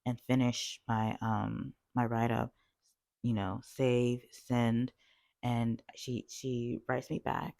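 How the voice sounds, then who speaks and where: Gravelly woman telling a work story. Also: rumbling low, takes it slowly, no room sound, clean studio sound. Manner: chatty, animated retelling with many fillers. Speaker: call-center worker telling a story. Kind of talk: storytime vlog.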